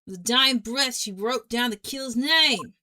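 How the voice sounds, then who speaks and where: A woman doing a blustery male cop with a slow, clipped drawl. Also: sits high, sharp tone, voice pushed up. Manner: slow, clipped cop talk with a tacked-on "see?". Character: gruff male police detective, loud and blustery.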